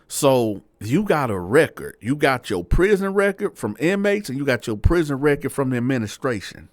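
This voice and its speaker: Animated man telling a street story. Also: mid-range voice, moderate pace, no echo. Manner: animated, acts out dialogue in voices. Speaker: storyteller host. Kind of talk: casual prison storytelling.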